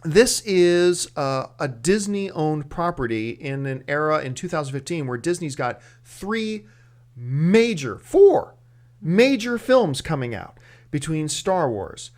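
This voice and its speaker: A man's voice: fairly high pitch, very animated, slow. A man co-hosting a movie news show, talking casually and thinking aloud with fillers and restarts. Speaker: movie news editor, co-host.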